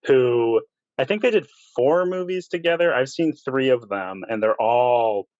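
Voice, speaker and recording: A man's voice: mid-range voice, lively intonation, unhurried, a little mellow, dry recording. A man co-hosting a podcast, giving casual opinions about acting in old films. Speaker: podcast co-host. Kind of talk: casual film discussion. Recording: dry, dull lo-fi sound.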